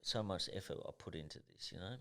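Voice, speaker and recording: A man in his thirties from Tasmania with a strong Australian accent, speaking in a very low, heavy voice. He tells stories bluntly and intensely, with swearing in nearly every line, in a casual podcast chat. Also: quick pace, creaky, fairly bright tone. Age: 30s. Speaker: guest, professional boxer.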